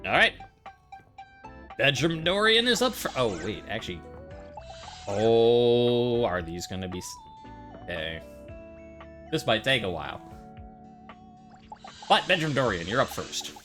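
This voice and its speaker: Male game streamer, fairly low and bright, loose rambling commentary, faint game music behind. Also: sing-song, moderate pace, long pauses. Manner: casual, rambling, thinking aloud. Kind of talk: let's-play commentary.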